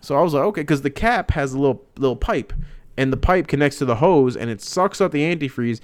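This young man tells a story loosely and with plenty of humor, swearing freely as he goes. His voice is smooth and resonant, rising and falling with a lot of movement. The recording is dry and close, with no room sound behind it. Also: on the high side, fast talker, dry recording. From Hispanic family, father speaks Spanish. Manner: animated, profane, jokey storytelling. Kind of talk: casual storytelling chat.

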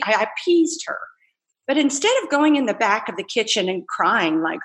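A woman entrepreneur telling her story in a casual interview, animated and laughing as she acts out quoted voices. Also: fairly high pitch, moderate pace. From United States. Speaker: entrepreneur guest.

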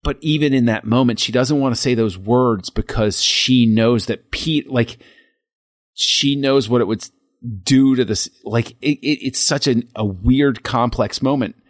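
A man co-hosting a podcast, talking through a film scene in a reflective, halting way with frequent restarts. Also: mid-range voice, no room sound, clean studio sound. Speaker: podcast co-host. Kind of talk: casual film discussion.

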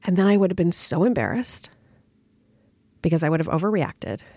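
A candid woman tells a personal story as a podcast host, her voice a little worn from a recent cold. Her pitch swings widely as she talks, full of "like" and "right?". The sound is close and dry, with no room around it. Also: moderate pace, dry recording. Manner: candid and expressive, frequent "like" and "right?". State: recovering from a cold.

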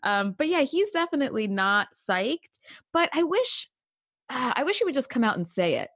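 A woman co-hosting a casual podcast, animated and emphatic, laughing often. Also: high-pitched, moderate pace, no echo, studio quality. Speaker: podcast co-host.

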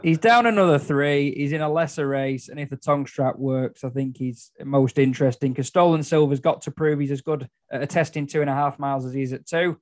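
A man's voice: fairly high pitch, brisk, few pauses. A man tipping racehorses in a casual panel chat, with detailed form talk and wry humour. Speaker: racing tipster pundit.

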